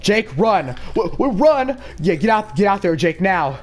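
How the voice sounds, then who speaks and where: A man's voice: sits high, sing-song, unhurried, faint music behind. A man voicing a bossy, scheming cartoon candy princess in a Minecraft role-play, rambling with many fillers. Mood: urgent.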